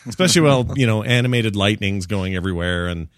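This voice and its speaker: Guy hosting a movie chat, super lively swoopy voice, jokes around a lot, dry close mic. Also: on the low side, quick pace, no echo. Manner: animated, jokey, puts on silly voices when quoting.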